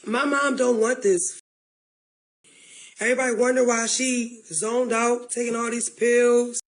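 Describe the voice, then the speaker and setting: In a played clip, a woman livestreamer rambles emotionally about her family while addressing her viewers directly. Her voice is on the high side and steady, moving at a slow pace with long pauses.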